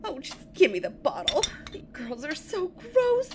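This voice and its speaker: A woman's voice: extremely high pitch, huge pitch swings, unhurried, slight background noise, full character voice. A woman playing a squeamish, fussy and nervous young woman in an audio drama.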